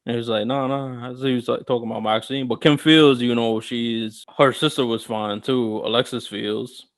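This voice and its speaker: A young man co-hosting a podcast, chatting casually and telling stories in a rambling, animated way with lots of restarts. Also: mid-range voice, moderate pace. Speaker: podcast co-host. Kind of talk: casual chat.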